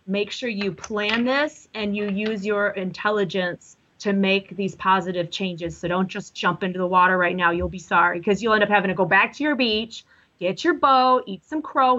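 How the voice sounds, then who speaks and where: Woman psychic, chatty live reader, bright edge, lo-fi broadcast sound. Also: medium pitch. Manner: chatty, rambling, self-correcting. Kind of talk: live call-in psychic reading.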